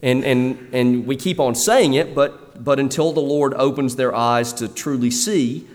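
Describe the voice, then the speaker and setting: A man's voice: mid-range voice, measured pace, darkish tone. A male pastor preaching a sermon in a conversational way, often restarting with fillers. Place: church. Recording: long reverb of a church hall.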